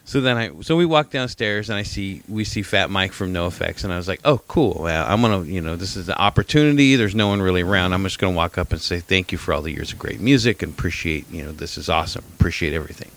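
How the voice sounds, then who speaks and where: A middle-aged man with a fairly low voice tells a long story on a podcast, circling back, repeating words and dropping casual swears. The sound is dry and close, with no room around it. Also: expressive, fast, gravelly, few pauses, a bit bright, no room sound. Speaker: podcast co-host.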